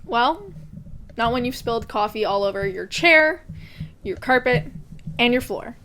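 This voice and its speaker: A woman's voice: on the high side, lively intonation, unhurried, a bit bright, a little hiss or hum. A young woman co-hosting a podcast, chatting casually, swearing and laughing often. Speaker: podcast co-host. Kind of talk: casual chat.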